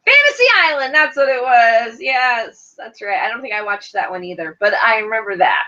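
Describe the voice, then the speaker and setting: A woman in her thirties co-hosts a podcast of casual reality TV banter, blunt and teasing, with playful swearing. Her voice is on the high side, animated, pushed and bright at normal speed, in a dull lo-fi home recording.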